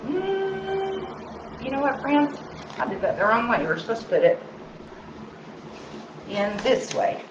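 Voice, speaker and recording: In a roomy, slightly dull recording with a noisy background, a woman demonstrates crafts live, chatting in a sing-songy way and talking to herself as she goes. Her medium-pitched voice has lively intonation and a moderate pace, broken by frequent pauses.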